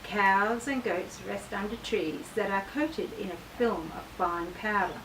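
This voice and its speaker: Woman, author reading her memoir, expressive storyteller, mid-range voice, distant mic, faint noise. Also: mid-range voice, measured pace.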